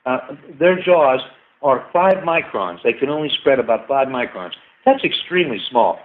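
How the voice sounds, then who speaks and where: A man's voice: mid-range voice, very animated, moderate pace. A man, a guest scientist, talking at length and with enthusiasm in a casual interview. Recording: tinny phone-like line.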